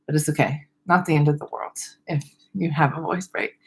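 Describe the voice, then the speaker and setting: Low-voiced young woman teaching voice exercises. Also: fairly even intonation, fairly quick, a little mellow. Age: young adult. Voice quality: slight vocal fry at ends of sentences. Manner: friendly, loose, laughs at herself, demonstrates vocal exercises. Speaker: speech therapist. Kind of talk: casual online teaching webinar.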